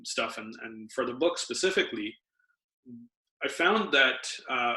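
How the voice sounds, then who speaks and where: A man's voice: medium pitch, vocal fry, sharp tone. A man, a doctor, patiently explaining health tips as a podcast guest. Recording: roomy echo.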